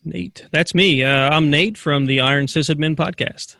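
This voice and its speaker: Higher-voiced wisecracking man. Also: moderate pace, creaky, pushed and bright. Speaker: podcast guest. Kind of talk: casual group podcast chat.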